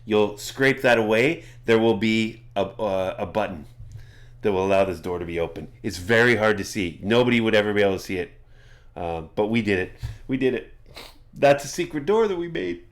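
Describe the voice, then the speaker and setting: A man narrating a tabletop game as its game master. His voice sits fairly low, and he rambles, often circling back mid-sentence. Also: fairly quick. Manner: rambling, many fillers and restarts.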